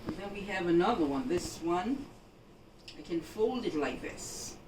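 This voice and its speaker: A woman from Jamaica gives an unhurried, instructive housekeeping demonstration and keeps checking in with her viewer. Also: lowish voice, expressive. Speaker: housekeeping vlogger. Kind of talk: home laundry-folding demonstration. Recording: echoey room, voice from a distance, background noise.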